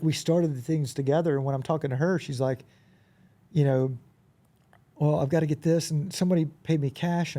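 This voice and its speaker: A man who is a podcast guest, telling animated anecdotes in a casual conversation and often acting out quoted dialogue. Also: fairly high pitch. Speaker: podcast guest, business owner.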